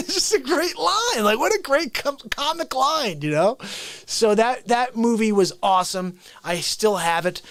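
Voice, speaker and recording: A man hosting a casual livestream, telling movie stories excitedly, laughing often and acting out lines. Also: very high voice, measured pace, no echo. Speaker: livestream host.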